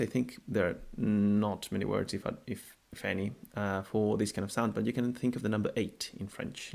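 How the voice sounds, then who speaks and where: A man teaching a language lesson, speaking unhurriedly and repeating words slowly to model their pronunciation. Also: lowish voice, gravelly, a little mellow. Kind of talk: explanatory video lesson.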